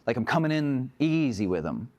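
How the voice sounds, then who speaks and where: Animated male EMS instructor telling stories. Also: mid-range voice, moderate pace, dull audio. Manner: animated storyteller, acts out dialogue, laughs often. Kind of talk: casual classroom lecture with stories.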